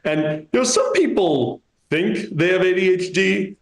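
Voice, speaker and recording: A man's voice: sits high, animated, unhurried, vocal fry. Dry-witted man in his thirties doing stand-up. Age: 30s. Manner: dry, self-mocking delivery. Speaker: stand-up comedian. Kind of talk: stand-up comedy set. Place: comedy club stage. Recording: roomy club echo.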